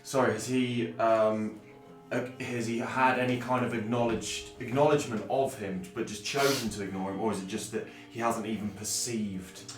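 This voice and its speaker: A man's voice: medium pitch, steady tone, moderate pace. A man playing a tabletop game, describing his character's actions with many stumbles and restarts. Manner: stumbling, self-correcting. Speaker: player. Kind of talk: casual tabletop play. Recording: echoey room, distant mic, music behind.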